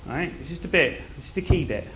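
A man preaches with animated, conversational storytelling. His speaking voice sits a little high for a man, and he slips into hushed, intense tones to drive points home. A faint hiss sits under the recording. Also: quick pace. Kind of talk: sermon.

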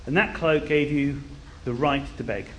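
A man preaching a sermon, telling a Bible story in an animated way and dropping to a quiet intensity for key points. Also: fairly high pitch, normal speed, lo-fi sound, a little hiss or hum.

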